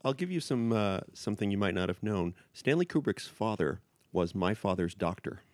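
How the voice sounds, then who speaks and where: Low-voiced man from the Bronx. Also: animated, normal speed, darkish tone, no room sound. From the Bronx, New York. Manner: dry, wry anecdotes. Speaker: cartoonist guest. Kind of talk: casual podcast chat.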